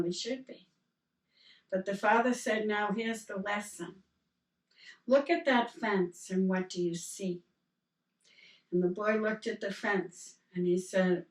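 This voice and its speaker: A woman reverend giving a sermon, telling parable stories in a gentle, unhurried way. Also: medium pitch. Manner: slow, gentle storytelling with quoted dialogue. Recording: roomy sound from a distance.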